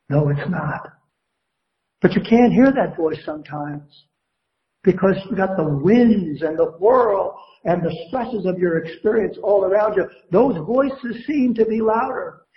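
A male pastor preaches a sermon with a voice a little higher than most men's. He builds his emphasis and puts questions to the congregation. The sound is roomy and a bit muffled, as if recorded in a church sanctuary. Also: lively intonation, a little slow. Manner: preaching with rising emphasis and call-and-response questions.

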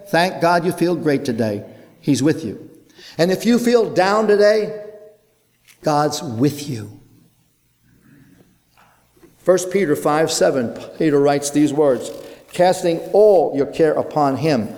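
A man preaching an earnest sermon in a church, with rhythmic phrasing and dramatic pauses. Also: a little high, darkish tone. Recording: long hall reverb.

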